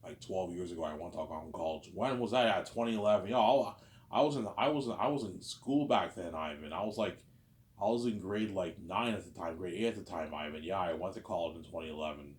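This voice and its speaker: Deep-voiced guy in his 30s rambling on, repeats himself a lot, keeps saying obviously. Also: quick pace, slight background noise. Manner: repetitive, keeps saying "obviously" and "you know what I'm saying". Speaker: vlogger. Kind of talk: rambling casual monologue.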